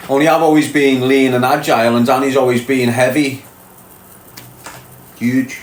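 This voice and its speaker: A Scouse man from Liverpool, England hosts a livestream, answering viewer comments in casual chat with a mid-range voice, level tone and normal speed. He's blunt and streetwise, calling chat "mate" and "lad." The room is echoey, with faint background noise.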